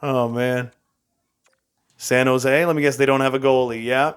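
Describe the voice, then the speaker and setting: A man's voice: mid-range voice, steady tone, a little slow, smooth. A young man giving casual, frustrated commentary while playing a hockey game, talking to himself and laughing at his own bad luck. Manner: frustrated, exasperated, self-mocking with frequent laughs. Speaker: gaming YouTuber.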